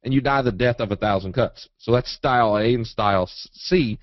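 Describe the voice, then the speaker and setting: A man teaching a live trading webinar in a folksy, animated way, acting out quotes and chart moves. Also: medium pitch, normal speed, dry recording. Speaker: trading educator. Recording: dull, dry webinar audio.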